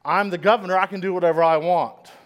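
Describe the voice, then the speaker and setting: A man acting out a stubborn, proud older politician within a speech, shouting his lines defiantly. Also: high-pitched, fairly even intonation, normal speed, voice pushed up, close to an everyday voice.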